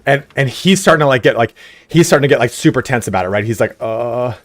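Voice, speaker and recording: A man's voice: medium pitch, lively intonation, racing, no echo. A man streaming a game live, telling a rambling story full of fillers, swearing and laughs. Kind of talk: casual storytelling while gaming live.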